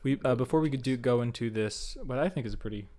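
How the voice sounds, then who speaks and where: A man's voice: mid-range voice, quick pace, a little mellow. Laid-back young man co-hosting a podcast. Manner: rambling, laughs often, many restarts. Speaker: podcast co-host. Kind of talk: casual chat.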